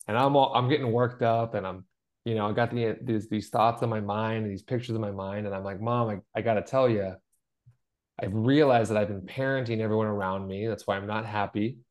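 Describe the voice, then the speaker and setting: A man's voice: lowish voice, fairly even intonation, brisk, a little mellow. A middle-aged man co-hosting a podcast, talking in an earnest, storytelling way and acting out the voices of the people he quotes. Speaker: podcast co-host. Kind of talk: conversational podcast chat.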